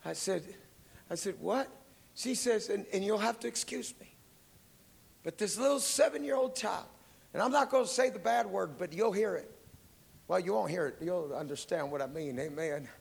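Fiery gravelly preacher in a reverberant hall. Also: male voice, high voice, moderate pace. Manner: swings from hushed storytelling to shouted praise. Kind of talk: sermon. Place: church.

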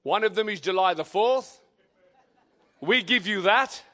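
An older man with an English accent, preaching a lively, joking sermon in a church. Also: sits high, unhurried, a faint crowd. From England. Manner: exuberant, shouting praise, joking with the congregation. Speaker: visiting preacher.

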